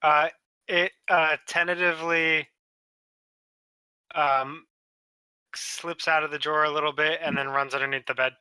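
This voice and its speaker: A man's voice: fairly high pitch, level tone, measured pace, long pauses, bright, forceful tone, clean tone, dry recording, poor audio. A man narrating a tabletop game as dungeon master, with lots of hesitant fillers.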